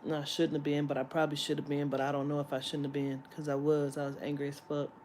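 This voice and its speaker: A woman's voice: low voice, level tone, fast, darkish tone, a little hiss or hum. A woman vlogger telling a story in a heated, profane rant that breaks into laughter.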